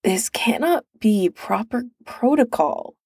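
A woman's voice: mid-range voice, big pitch swings, normal speed, a little mellow, no room sound, studio quality, natural voice. A woman voicing a prim, bookish young male prince with a chiding manner in a storybook reading.

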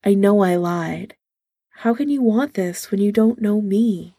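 A woman reads a story in a slow, unhurried way, and her voice is low, mellow and full of gravelly fry. The recording is dry and close. She stays soft and intimate, with only light changes of voice for the characters. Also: no echo. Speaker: reader. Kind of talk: audiobook-style story reading.

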